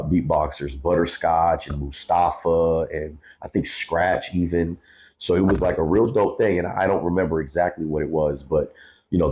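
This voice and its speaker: A man's voice: a bass voice, a little mellow, a little hiss or hum. A man in his thirties, a guest on a podcast, telling a personal story candidly, cursing freely and calling people bro. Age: 30s. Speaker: guest, hip-hop artist.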